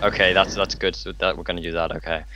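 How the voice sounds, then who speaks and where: A man's voice: sits low, level tone, fast, bright, forceful tone, slight background noise, poor audio. A man playing a game with friends, talking in a hesitant, mumbling way full of fillers. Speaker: player. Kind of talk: casual gaming chat.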